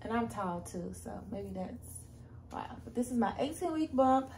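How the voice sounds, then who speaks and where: A woman's voice: fairly high pitch, lively intonation, moderate pace, darkish tone, echoey room, a little hiss or hum. A young woman chatting directly to her viewers in a casual vlog. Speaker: vlogger. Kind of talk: casual pregnancy update vlog. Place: room at home.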